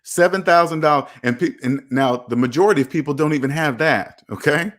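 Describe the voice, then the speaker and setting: A man hosts a live finance stream and reads out viewer comments as they come in. He talks bluntly and with a lot of energy, and he puts on voices for the people he quotes. His voice sits at an ordinary middle pitch. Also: fairly quick.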